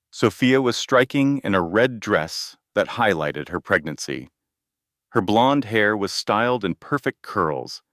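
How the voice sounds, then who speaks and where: A man narrating a scripted drama story in an even, measured way. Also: lowish voice, dry recording, clean studio sound.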